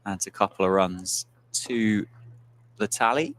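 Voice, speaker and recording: A man calling live cricket play-by-play in a measured, agreeable way. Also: lowish voice, a bit bright. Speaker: cricket commentator. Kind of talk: live sports commentary.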